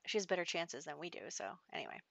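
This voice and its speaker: A woman's voice: lowish voice, quick pace, creaky, no echo. A young adult woman casually narrating her life-simulation gameplay in a chatty, rambling way with frequent laughs. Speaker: let's play host. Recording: dull, dry home mic.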